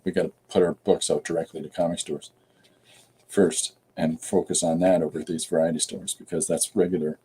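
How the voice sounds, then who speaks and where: A middle-aged comic artist from Canada talks casually on his live stream in a low, warm voice. He rambles along with plenty of ums and restarts. Faint background noise sits under the voice. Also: poor audio. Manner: chatty and rambling, with many fillers.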